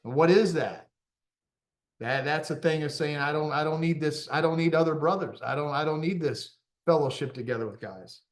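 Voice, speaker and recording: Male motivational coach, middle-aged, pitched a touch high, animated and self-deprecating, laughs easily. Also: normal speed. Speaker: confidence coach. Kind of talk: motivational talk.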